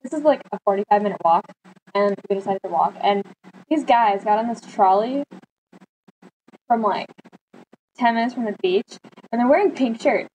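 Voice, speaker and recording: A woman's voice: on the high side, normal speed, pauses often, a little hiss or hum, low-quality recording. Chatty teenage girl telling a story. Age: teens. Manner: chatty, animated quoting of friends. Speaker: vlogger. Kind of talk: casual storytelling.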